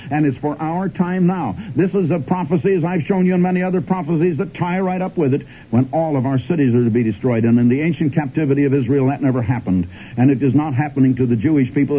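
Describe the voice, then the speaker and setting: Man, radio preacher, emphatic swooping delivery, husky and lively, tinny broadcast sound. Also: a little high. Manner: emphatic, swooping preaching cadence, repeats "my friends". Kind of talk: old radio sermon.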